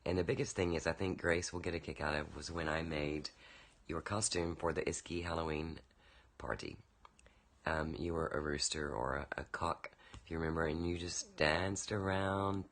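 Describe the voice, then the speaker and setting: A man's voice: low voice, moderate pace, fairly bright tone. A man recording a casual birthday video message for a friend, telling rambling anecdotes with lots of fillers into a webcam.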